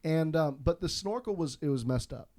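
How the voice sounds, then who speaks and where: A man from Florida, a podcast guest, telling a story in a casual, animated, self-deprecating way with frequent restarts. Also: fairly high pitch, normal speed, no room sound.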